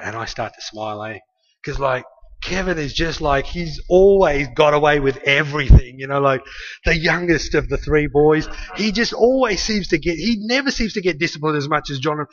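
In a sermon, an Australian preacher recounts a family story in a rambling, conversational style, restarting often. His voice is a little high and fairly bright, and he speaks fairly quickly. The recording is lo-fi and a bit muffled.

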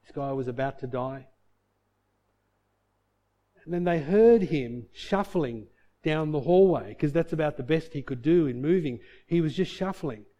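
A male preacher with a fairly high voice, delivering a sermon. His delivery swings widely, sinking to hushed, low lines and then climbing to shouted peaks. He tells stories with a preacher's rhythm. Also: expressive, a little slow, pauses often. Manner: storytelling, shifting between soft low passages and loud shouted peaks.

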